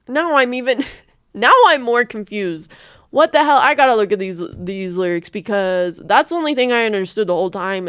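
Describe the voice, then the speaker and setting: A woman from the United States giving casual reaction commentary, expressive and thinking aloud, swearing freely. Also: fairly high pitch, clean tone, dry recording, studio quality. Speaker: reaction streamer.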